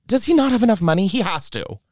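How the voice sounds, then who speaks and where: A man's voice: high voice, a little fast, no echo, studio quality. A young man hosting a podcast, chatting and gossiping in a sassy, joking way and often cutting in. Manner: animated, sassy, interrupts and jokes. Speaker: podcast host. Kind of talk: casual gossip chat.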